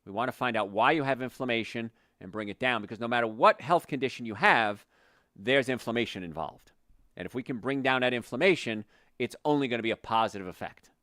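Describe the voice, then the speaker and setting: A man's voice: medium pitch, a little fast, dry recording, studio quality. A male chiropractor hosting a health talk show, speaking passionately and bluntly, getting worked up and then reining himself in. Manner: passionate, opinionated, gets worked up then calms down.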